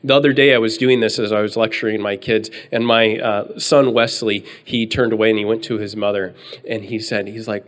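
A man in his thirties preaching earnestly, reading scripture slowly and telling a story about his children. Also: fairly low pitch, fairly even intonation. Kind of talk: sermon with personal story.

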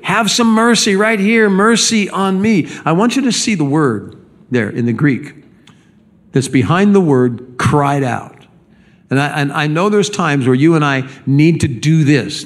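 A man preaching a sermon as pastor, speaking emphatically and often repeating words as he builds a point. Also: on the high side.

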